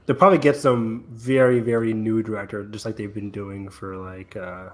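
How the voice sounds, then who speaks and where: A man's voice: fairly low pitch, little pitch movement, normal speed, slight background noise. A man co-hosting a casual podcast, joking and teasing the others about movies. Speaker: podcast co-host. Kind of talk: casual chat.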